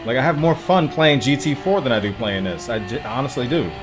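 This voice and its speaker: A man streaming a racing game live, frustrated and swearing, swinging between outbursts and low muttering. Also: fairly quick, over music. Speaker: gaming streamer. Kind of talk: live gameplay commentary.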